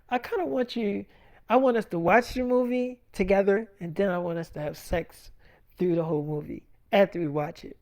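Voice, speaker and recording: A man's voice: high voice, warm tone, dry recording. A man spinning a long, loose, made-up story about his weekend. He swears casually and acts out both sides of each exchange. His voice is close and dry, with no room sound. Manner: casual and profane, quoting himself and others with "I'm like, she's like". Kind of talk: rambling made-up story, acting out both sides of phone calls.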